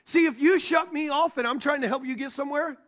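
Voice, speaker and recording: A man's voice: quick pace, fairly bright tone. A man preaching in church, joking with the congregation and calling for responses. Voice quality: high voice for a man. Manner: preaching with call-and-response and jokes. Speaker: pastor. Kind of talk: sermon. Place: church sanctuary.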